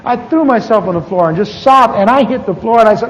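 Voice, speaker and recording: A man teaching a class as a pastor, telling humorous stories from his own life in an animated, joking way and acting out his old prayers. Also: very high voice, fast talker, few pauses. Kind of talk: humorous storytelling lecture. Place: large church conference hall. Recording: live hall recording with long reverb and faint hiss.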